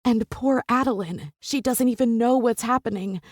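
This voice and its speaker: A woman's voice: on the high side, moderate pace, no room sound, clean studio sound. A woman narrating a first-person romance audiobook with intense, emotional delivery.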